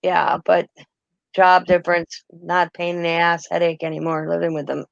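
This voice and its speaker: A middle-aged woman hosts a casual crafting chat, rambling and correcting herself. Her lowish voice is completely flat, with vocal fry and a moderate pace, and the dry recording sounds slightly dull.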